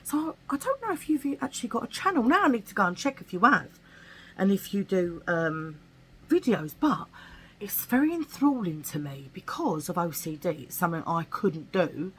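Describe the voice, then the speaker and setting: A woman's voice: medium pitch, moderate pace, breathy edge, rough recording. A woman from England, chatting casually and animatedly in a vlog about her shopping finds. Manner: chatty and animated, with slangy asides. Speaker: vlogger. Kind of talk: casual chat.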